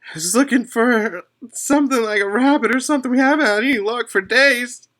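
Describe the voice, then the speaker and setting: A man's voice: very high voice, brisk, pushed and bright, voice pushed up. A man voicing a raggedy, mud-soaked male elf who pleads in a frantic, stammering panic.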